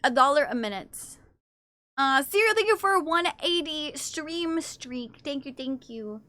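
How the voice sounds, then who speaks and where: A woman's voice: sits high, lively intonation, a little slow, bright, forceful tone, dry recording. A woman livestreamer chatting casually and playfully with her viewers, reading chat aloud and swearing now and then.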